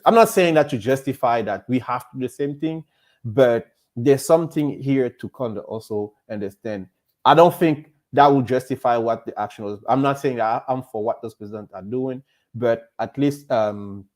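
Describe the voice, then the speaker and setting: Talkative man with English. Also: mid-range voice. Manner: animated, many "you know what I mean" fillers. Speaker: podcast co-host. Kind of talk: casual panel discussion.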